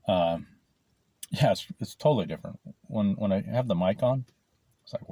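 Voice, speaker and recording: A man's voice: on the low side, normal speed, long pauses, mellow, slightly rough, dry recording. A man vlogging casually while he eats lunch, rambling and swearing freely, recorded without his clip-on mic. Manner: rambling, profane, swears often. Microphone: camera mic, no clip-on mic.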